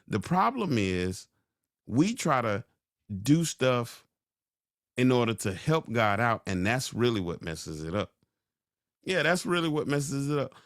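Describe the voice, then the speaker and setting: A man hosting a podcast, giving a sermon-like motivational talk, slowing down and repeating key lines for emphasis. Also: medium pitch, no echo, studio quality. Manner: slow, drawn-out emphasis. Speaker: podcast host.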